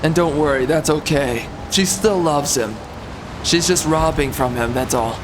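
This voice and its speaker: A man's voice: fairly high pitch, measured pace, background noise. Exasperated man ranting over gameplay. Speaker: gaming YouTuber. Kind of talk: let's-play commentary.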